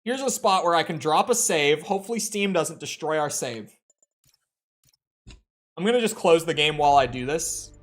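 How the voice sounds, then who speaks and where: A man's voice: fairly high pitch, moderate pace, pauses often. A young man with an American Midwestern accent chatting casually on a live game stream, opinionated and rambling. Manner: opinionated, animated, rambling with restarts.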